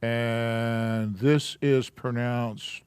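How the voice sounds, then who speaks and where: A man teaching a Hebrew alphabet class in a church classroom, explaining slowly and casually. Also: mid-range voice, fairly even intonation, a little mellow, smooth, no echo.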